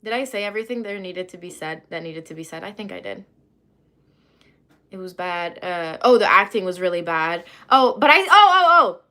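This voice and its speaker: A woman's voice: medium pitch, lively intonation, moderate pace, sharp tone. A young woman from Lebanon chatting on a livestream, rambling and losing her train of thought as she reads comments aloud. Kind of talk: casual livestream chat, reading comments.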